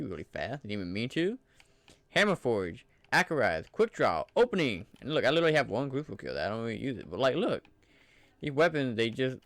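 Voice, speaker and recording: Lively excited gamer man, dry close mic. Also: fairly low pitch, dry recording. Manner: enthusiastic, loose and conversational, fillers like "like". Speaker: gaming channel creator. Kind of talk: casual gameplay commentary.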